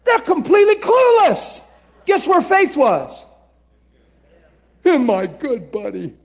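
A man preaching in an animated storytelling style, laughing and swinging between loud bursts and hushed asides. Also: very high-pitched, slow. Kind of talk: storytelling sermon.

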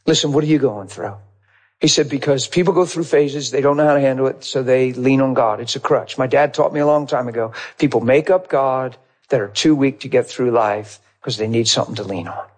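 Husky man telling a sermon story. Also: mid-range voice, a little fast. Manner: animated storyteller acting out both sides of a conversation, laughing often. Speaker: pastor.

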